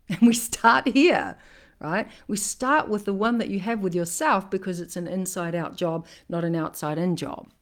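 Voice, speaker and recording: A woman relationship coach talking in a casual live-streamed monologue, emphatic and animated, often asking "right?". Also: medium pitch, normal speed.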